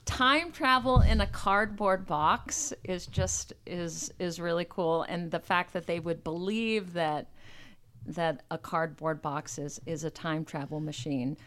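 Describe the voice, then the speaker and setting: A woman's voice: lowish voice, takes it slowly, fairly bright tone. A woman chatting as a guest, thoughtful and hesitant as she searches for words. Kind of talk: casual chat.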